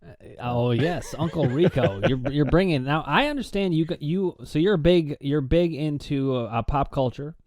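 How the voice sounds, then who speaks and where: A male host from Cleveland asking questions in a halting way, often repeating words. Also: fairly high pitch, a little mellow, no room sound. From Cleveland, USA. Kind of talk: casual interview.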